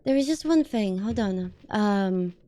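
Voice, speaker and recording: A woman streaming a video game, chatting casually and excitably, swearing and panicking at mishaps. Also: medium pitch, measured pace. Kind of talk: casual live-stream commentary.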